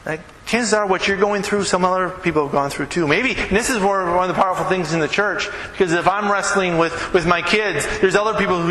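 Male pastor, easygoing sermon delivery, slightly high voice, roomy church sound with noise behind. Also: expressive, normal speed, pushed and bright. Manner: conversational, earnest, asks the congregation questions. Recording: echoey hall with background noise.

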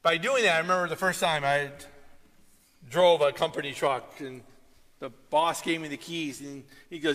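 A man preaching a sermon, telling stories with animated delivery and sudden loud outbursts. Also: fairly high pitch, normal speed. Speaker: pastor. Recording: long hall reverb.

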